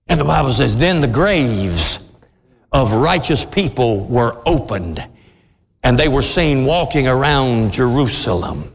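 A man preaching a sermon as pastor, impassioned and rising to shouts. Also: medium pitch, animated, measured pace, big-room sound, a little hiss or hum.

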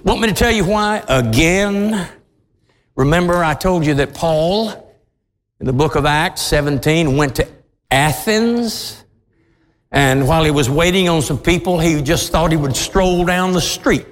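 A man preaching a sermon as pastor of his church, impassioned, swinging from low intensity to loud outbursts. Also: unhurried, big-room sound. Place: large church hall.

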